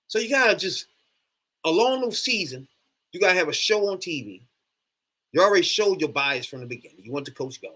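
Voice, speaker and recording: Animated man ranting with a bright voice. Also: a little high, fairly quick. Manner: animated, profane, exasperated ranting. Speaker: sports fan vlogger. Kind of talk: casual ranting monologue.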